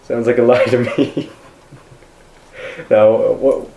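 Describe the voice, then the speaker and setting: A man's voice: medium pitch, flat delivery, takes it slowly, gravelly, background noise. A man co-hosting a podcast, teasing his partner and laughing as he asks questions. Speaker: podcast co-host. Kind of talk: casual podcast banter. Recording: roomy studio.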